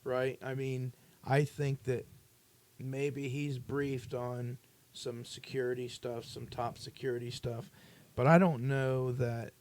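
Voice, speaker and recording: A man's voice: medium pitch, little pitch movement, slow, darkish tone. A man co-hosting a podcast, musing and hedging as he thinks aloud in casual chat. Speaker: podcast co-host.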